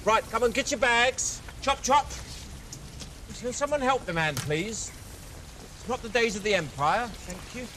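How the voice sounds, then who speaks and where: An actor playing a man who leads a maths team, brisk and joking in a theatrical way. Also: very high-pitched, animated, noisy background. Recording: film soundtrack with music under the voice.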